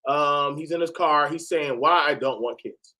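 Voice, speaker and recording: A high-voiced man talks over clips he is reacting to. He is loose and profane, and his voice swings into sudden shouts. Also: moderate pace. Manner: animated, profane, bursts into shouting. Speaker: host reacting to videos. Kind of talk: casual reaction commentary.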